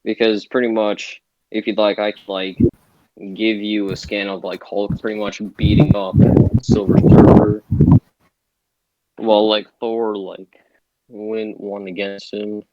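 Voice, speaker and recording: A man's voice: on the low side, level tone, slow pace, mellow, no echo, highs cut off. A young man arguing in a casual online debate, hesitant, filling his talk with "like" and losing his thread. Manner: hesitant, heavy filler words, loses track.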